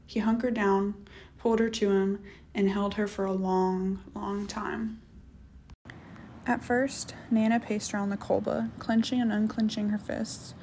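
A woman narrating an audiobook novel in a measured, steady reading. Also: medium pitch, a little hiss or hum. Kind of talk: scripted narration.

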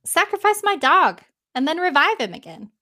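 A woman voicing a crowd of excited, demanding male underworld lords in a retold myth. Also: high-pitched, normal speed, voice pushed up. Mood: eager, clamoring. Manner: eager, clamoring.

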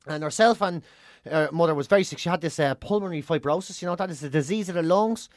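Co-host, sweary, animated storyteller, dry close mic. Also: mid-range voice, fast talker, dry recording. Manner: swears freely, tells animated stories. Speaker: podcast co-host. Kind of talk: casual chat and anecdote.

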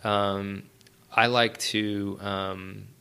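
A middle-aged man, a writer and director, talking casually as a podcast guest, animated, with many fillers and restarts. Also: lowish voice, drawn-out words, vocal fry, clear, resonant tone. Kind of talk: casual interview talk.

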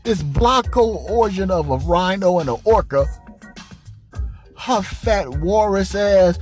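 A man hosting a podcast, telling a profane, animated rant about his job in a casual venting monologue. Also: high voice, takes it slowly, faint music behind. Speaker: podcast host.

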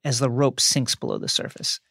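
Podcast co-host, male, gravelly, very lively inflection, dramatic storyteller. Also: mid-range voice, a little fast, no echo, studio quality. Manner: builds tension with rising, emphatic phrasing. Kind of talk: dramatic reading and discussion.

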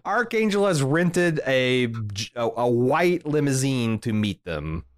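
A man's voice: mid-range voice, very animated, takes it slowly, dry recording, studio quality. A man co-hosting a podcast, recapping an episode in a casual, profane, jokey way. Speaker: podcast co-host.

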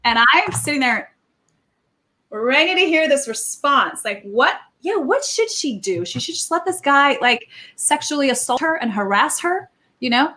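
A woman's voice: high-pitched, sing-song, normal speed, bright, forceful tone. A woman telling a story animatedly as a podcast guest, with many restarts. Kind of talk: casual chat, storytelling.

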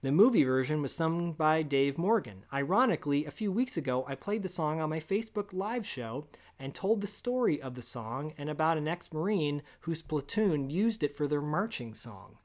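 A man co-hosting a casual podcast, telling a long story with lively asides and quoted voices. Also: on the high side, normal speed. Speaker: podcast co-host. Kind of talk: casual chat.

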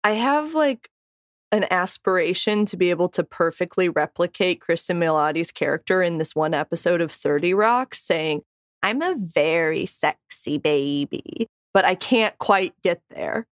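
A woman with a lowish voice that rises and falls widely, reacting emphatically and playfully in a casual podcast chat. The recording is close and dry. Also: animated, normal speed, no echo. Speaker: podcast co-host.

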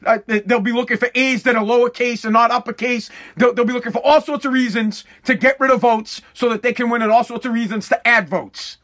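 A man, hosting a casual rant monologue in a profane, animated way, repeating himself as he goes. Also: very high voice, brisk, few pauses. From Massachusetts.

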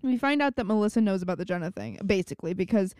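A woman's voice: medium pitch, animated, racing, darkish tone, clean tone, no echo, studio quality. A young adult woman co-hosting a podcast, chatting casually about a TV show and laughing often. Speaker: podcast co-host. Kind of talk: casual chat recapping a TV show.

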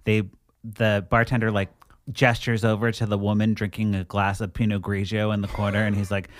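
A man's voice: lowish voice, little pitch movement, brisk, no room sound. A man co-hosting a casual podcast, recapping a movie with sarcastic, dry jokes. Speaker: podcast co-host.

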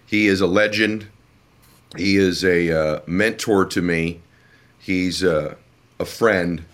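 Low-voiced emotional male podcast host. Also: steady tone, a bit bright. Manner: emotional, effusive, halting with fillers. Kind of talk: interview podcast conversation.

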